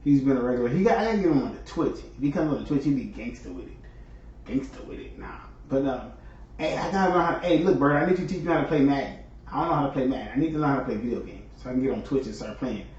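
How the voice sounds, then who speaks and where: A man's voice: mid-range voice, expressive, racing, darkish tone. A man hosting a livestream, chatting loosely with his viewers and greeting them by name. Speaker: livestream host. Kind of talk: casual chat with viewers. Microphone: far from microphone. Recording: echoey distant lo-fi room sound.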